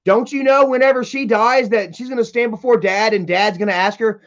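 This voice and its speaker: Dull, lo-fi stream audio captures a high-voiced man ranting casually from home, heated and swearing as he reads chat messages out. He talks a little fast.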